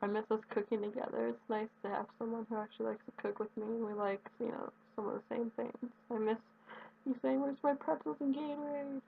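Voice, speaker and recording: A young woman talking in a heartfelt personal video message, earnest and rambling, with halting restarts. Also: on the high side, flat delivery, creaky. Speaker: vlogger addressing her absent partner. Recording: tinny phone-quality audio with faint hiss.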